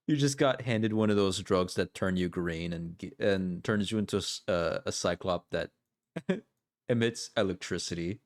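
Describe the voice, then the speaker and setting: A man's voice: low-pitched, unhurried, pauses often. A man in casual reaction chat on a stream, mocking and laughing often.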